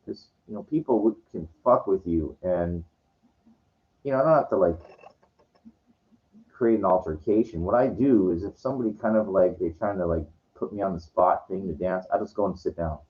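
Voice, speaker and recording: A middle-aged man with a very low, deep voice tells a night-out story straight to camera. He rambles, restarts and swears as he goes. The recording sounds dull and lo-fi. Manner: rambling, halting, profane retelling. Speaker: vlogger.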